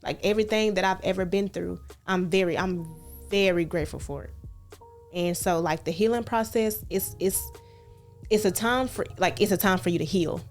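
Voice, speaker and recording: A woman talking earnestly on a podcast, repeating phrases and reassuring the listener, with animated storytelling. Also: fairly low pitch, normal speed, faint music behind. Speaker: podcast co-host. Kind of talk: casual heartfelt podcast chat.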